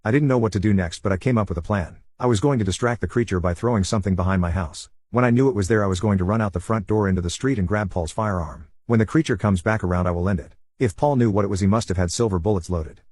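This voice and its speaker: A man with a husky voice narrating a scripted horror story at a fast, steady clip. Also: lowish voice, dry recording.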